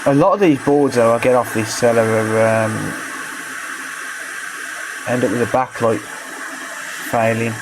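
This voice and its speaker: A man's voice: mid-range voice, measured pace, long pauses, background noise. A man with a Black Country accent gives casual live-stream commentary while he repairs electronics. He jokes with viewers and answers their chat, talking on rechargeable wireless microphones at his workbench. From England, West Midlands (Dudley).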